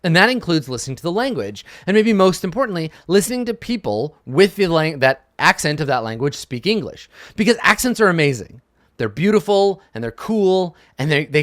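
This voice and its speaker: A middle-aged man talks frankly into a dry, close mic. His voice sits a little high for a man and swings widely in pitch as he stresses his points. He swears casually and keeps checking in with a quick "right?". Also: fairly bright tone, dry recording. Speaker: game master and show host. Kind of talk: advice monologue.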